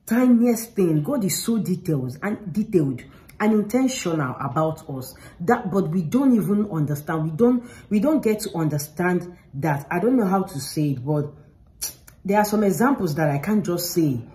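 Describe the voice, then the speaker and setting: A woman's voice: on the low side, lively intonation, moderate pace, dark tone, low-quality recording. A woman talking straight to the camera, giving earnest, informal faith advice and repeating herself for emphasis. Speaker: faith vlogger.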